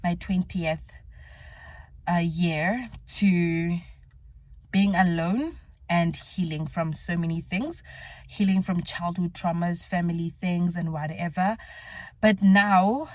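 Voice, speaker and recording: A woman's voice: lowish voice, takes it slowly, a little mellow, no echo. A twenty-year-old woman, vlogging to camera in a candid, reflective way with filler words. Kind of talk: talking to camera in a vlog.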